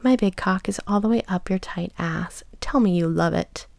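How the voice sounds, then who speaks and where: A woman voicing a cruel, sadistic man who speaks in a low, hushed, often whispered taunting tone. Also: moderate pace, vocal fry, no room sound, natural voice. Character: cruel, sadistic adult man, a paying client.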